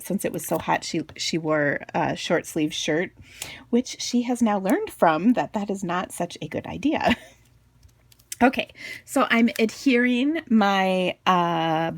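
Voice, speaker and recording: A woman's voice: fairly low pitch, creaky, breathy edge, no echo. A chatty woman in her forties with a Minnesotan accent, hosting a crafting tutorial from her basement home office in a bubbly, gushing way. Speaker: crafting video host.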